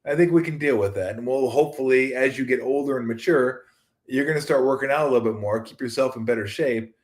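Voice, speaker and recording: A man's voice: medium pitch, fast talker. Rambling, joking man hosting sports talk. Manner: rambling, jokey, acts out quoted voices. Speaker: sports talk show host. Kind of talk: casual solo sports talk.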